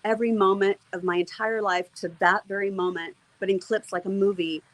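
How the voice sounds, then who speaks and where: A woman's voice: medium pitch, fairly even intonation, a little fast, dry recording, low-quality recording. A middle-aged woman, an interview guest, telling a personal faith testimony in an earnest, emotional way, with many fillers and restarts.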